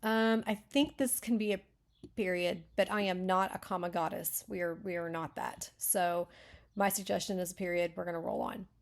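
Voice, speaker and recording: A woman's voice: on the low side, steady tone, moderate pace. A woman hosting a casual writing critique, chatty and full of fillers and self-corrections. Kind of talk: casual teaching.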